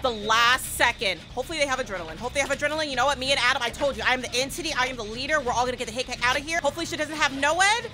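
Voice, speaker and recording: A woman streamer giving casual commentary while she plays, talking to her teammates and repeating phrases in quick bursts. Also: high voice. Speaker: streamer playing a horror game. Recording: game music behind voice.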